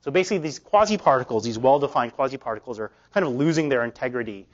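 Male lecturer, hoarse, halting research talk, many restarts, dull lo-fi recording. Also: mid-range voice, lively intonation. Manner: loose, halting delivery with many fillers and restarts. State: losing his voice. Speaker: physics lecturer. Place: lecture hall.

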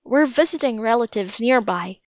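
A woman voicing a cautious, serious young boy in a storybook reading, often hushed. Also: a little high, expressive, normal speed, no room sound. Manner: worried, hushed. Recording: dull lo-fi recording.

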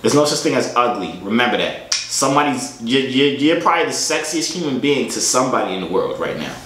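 A man's voice: mid-range voice, big pitch swings, brisk, fairly bright tone. A young man vlogging and chatting with strangers online, joking and teasing in slang. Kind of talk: casual prank chat. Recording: echoey room with faint noise.

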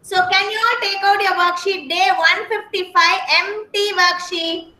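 Patient high-voiced Indian English teacher. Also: female voice, fairly even intonation, pushed and bright, reverberant, low-quality recording. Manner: slow, patient, spells words letter by letter. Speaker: kindergarten teacher. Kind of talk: online class instruction. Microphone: video call.

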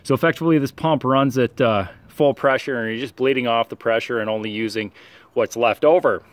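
A man getting over a cold, with a nasal voice, giving a casual outdoor how-to walkthrough of his sprayer and lawn, halting with many fillers. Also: medium pitch, no room sound. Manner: halting, many "uh" fillers, practical and matter-of-fact. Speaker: turf care professional vlogger. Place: outdoors in a yard and at the pump.

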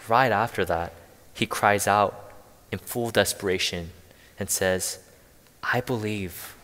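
Man, pastor, sermon, earnest, low voice, long hall reverb. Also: fairly bright tone. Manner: earnest preaching with rhetorical questions.

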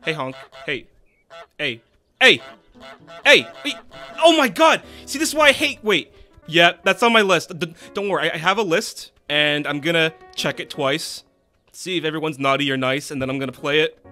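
A man streaming a game in casual commentary, excitable and quick to yell and swear at the characters, drifting into rambling stories with many restarts. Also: on the high side, soft background music. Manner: rambling anecdotes with frequent restarts.

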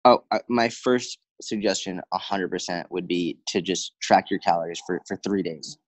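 A fitness coach chats casually in an interview, telling stories fast and animatedly with quoted dialogue and plenty of fillers. His voice sits low, with no echo, on a rough recording.

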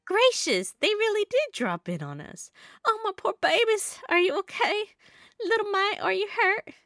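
Woman voicing a fretful doting mother, high pitch, lively, fussing tone. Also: normal speed, no echo, studio quality, full character voice. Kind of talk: reading game dialogue aloud.

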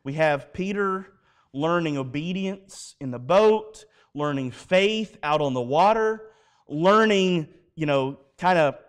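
A man preaching a sermon at a live church service, telling stories in an animated way and acting out the dialogue. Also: high voice. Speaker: pastor.

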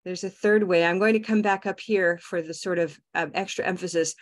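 A woman teaching English pronunciation on a video call, modeling words slowly and repeating them. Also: on the low side, fairly even intonation. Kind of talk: online pronunciation lesson.

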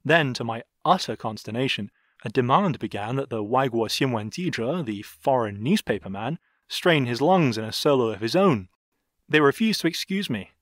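A man reading an audiobook in a measured, even way. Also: medium pitch, dry recording, clean studio sound. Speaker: audiobook narrator. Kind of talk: audiobook narration.

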